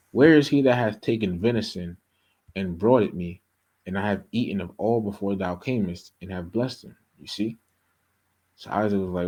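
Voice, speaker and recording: A man's voice: deep voice, normal speed, darkish tone, breathy edge, low-quality recording. A man teaching a bible study in a casual, conversational way, reading verses aloud and often checking in with "okay?" and "you know".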